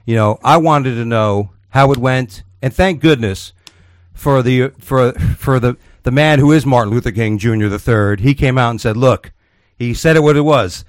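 A man's voice: mid-range voice, normal speed, no room sound, studio quality. A man in his forties hosting a radio show, arguing heatedly, swearing often and repeating himself as he pushes his point. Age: 40s. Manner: combative, profane, repeats himself while arguing.

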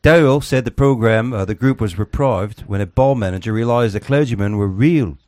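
A man's voice: on the low side, normal speed, darkish tone, no room sound. Male podcast host, loose comic delivery, dry studio sound. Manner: joking, rambling, reads news aloud. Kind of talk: casual comedy podcast chat.

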